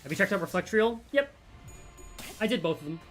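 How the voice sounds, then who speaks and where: A man's voice: sits high, expressive, fairly quick, a bit bright. A man streamer chatting casually, reading chat aloud and joking. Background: faint music.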